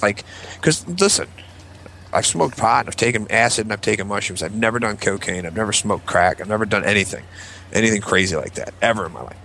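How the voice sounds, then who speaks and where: A man's voice: on the low side, brisk, vocal fry. A man casually telling a story on a podcast, swearing freely and acting out what people said. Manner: animated, swears freely, acts out quotes. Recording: faint background noise.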